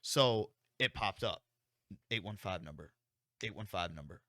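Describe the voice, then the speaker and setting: A young man with a low voice speaks at a measured pace in studio-quality audio with no echo. Co-hosting a podcast, he tells a story casually, full of swearing and animated reenactments of people's words.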